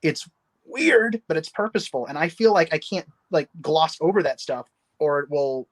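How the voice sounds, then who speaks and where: A man guesting on a casual livestream chat. He has a slightly high voice and talks with eager enthusiasm, circling back and restarting his sentences as he goes. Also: brisk. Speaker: guest, novelist.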